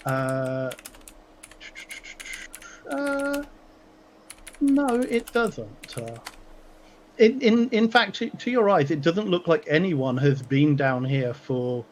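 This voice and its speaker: A game master, a man with a slightly high voice, talks players through the scene at a slow, deliberate pace. He stumbles and restarts as he improvises, with a faint hiss of noise under his voice on a home mic. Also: sing-song, poor audio. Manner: halting, many fillers and restarts. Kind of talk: narrating a tabletop game.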